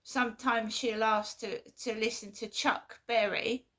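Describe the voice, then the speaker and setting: A woman vlogging in a casual monologue, halting and repeating herself with an aggrieved tone. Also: a little high, fairly even intonation, bright, forceful tone.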